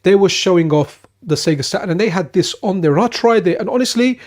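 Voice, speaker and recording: Streaming retro games from a friend's place, this channel host talks in a high, darkish voice at a quick, animated pace. He's chatty and eager, often starting his sentences over during the casual live-stream chat.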